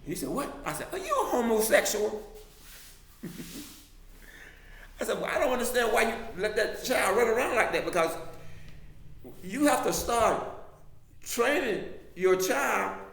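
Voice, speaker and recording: A man who teaches drama telling a personal story, halting and repeating words as he goes. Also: extremely high pitch, animated, vocal fry, fairly bright tone, echoey room, slight background noise. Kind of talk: anecdotal storytelling.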